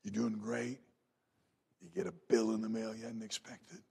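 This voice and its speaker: A man preaching a revival sermon in a church, telling folksy stories and rising to loud emphatic peaks. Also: mid-range voice, very animated, moderate pace, vocal fry, husky. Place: church sanctuary.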